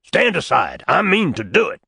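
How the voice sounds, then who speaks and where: A man's voice: fairly low pitch, sing-song, unhurried, fairly bright tone, slightly rough, dry recording, studio quality, heavily acted. A man voicing a fierce old backwoods prophet. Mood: zealous, shouting. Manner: hollering, rural drawl, zealous.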